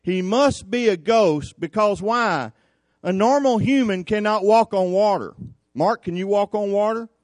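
A man's voice: sits high, measured pace, dry recording. A man preaching a folksy sermon, telling the scripture like a story and acting out the people in it. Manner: folksy, drawling storyteller who acts out the scripture. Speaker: preacher at a cowboy church.

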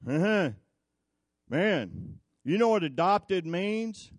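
Guy preaching, chatty folksy sermon, asks the crowd stuff, kinda high voice, dry mic. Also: lively intonation, slow, no room sound. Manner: conversational, with asides to the congregation.

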